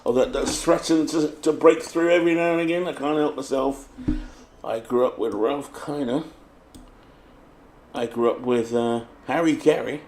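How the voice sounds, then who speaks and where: A man's voice: medium pitch, steady tone, normal speed, darkish tone, slight background noise. British man, tabletop game host, chatty setup talk and announcer-style lineup calls, mid-range voice. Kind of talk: casual tabletop game commentary.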